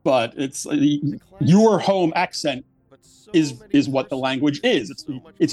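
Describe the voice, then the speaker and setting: A man's voice: a little high, lively intonation, a little mellow, faint music behind. A man from Philadelphia with a faint, mostly suppressed Philly accent, chatting casually on a panel and restarting his sentences often. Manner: halting, many restarts.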